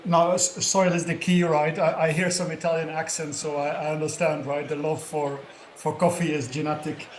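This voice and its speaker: A man's voice: a little high, flat delivery, normal speed, roomy sound, slight background noise. A man speaking as a panelist, explaining in a conversational way and often checking in with tag questions. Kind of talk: conference panel talk.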